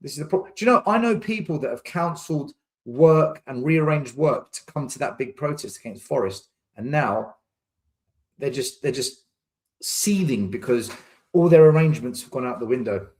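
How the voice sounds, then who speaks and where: A man's voice: mid-range voice, animated, normal speed, a little mellow. A man hosting a casual live chat, ranting in exasperation and repeating words for emphasis. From England. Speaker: fan channel host reading live chat.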